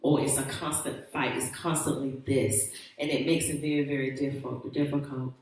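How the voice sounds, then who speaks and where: Woman, low voice, challenging questions, echoey room. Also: level tone, moderate pace, a little mellow. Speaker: radio talk show host. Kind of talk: casual debate.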